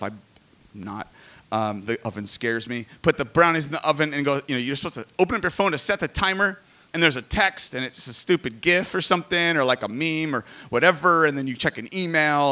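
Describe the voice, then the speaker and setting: Bright-voiced pastor in his forties. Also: mid-range voice. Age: 40s. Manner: conversational, animated, jokey asides. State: emotional. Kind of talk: sermon.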